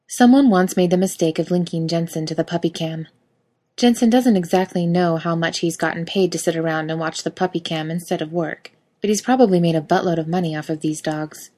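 A woman reading a fan fiction story aloud with wry, lively storytelling. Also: lowish voice, a little fast. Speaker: reader.

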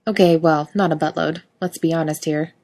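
A woman reading a fan fiction story aloud with wry, lively storytelling. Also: sits low, brisk. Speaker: reader.

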